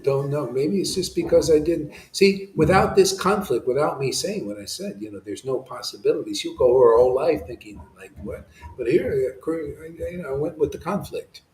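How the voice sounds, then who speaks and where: A man's voice: fairly high pitch, moderate pace, few pauses, darkish tone. Impassioned rambling man, echoey room. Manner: rambling and impassioned, with many restarts and fillers. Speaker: devotional speaker. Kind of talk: informal devotional satsang talk.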